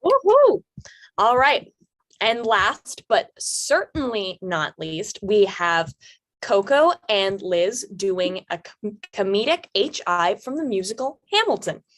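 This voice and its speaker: Lively woman announcing the acts. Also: medium pitch, takes it slowly. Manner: upbeat, cheering between acts. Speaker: showcase host. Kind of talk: announcing performers.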